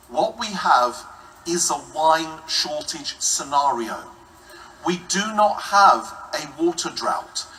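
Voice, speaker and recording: A man's voice: on the high side, pushed and bright, recorded from a distance, a little hiss or hum, rough recording. A man preaching a sermon with humor, acting out the quoted voices.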